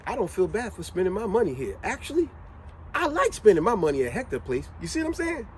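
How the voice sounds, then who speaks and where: A man's voice: sits high, fast, a little hiss or hum, poor audio. A man telling a motivational story in a casual, slangy way, full of rhetorical questions to his viewers. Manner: animated, slangy retelling with lots of rhetorical questions. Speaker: motivational vlogger.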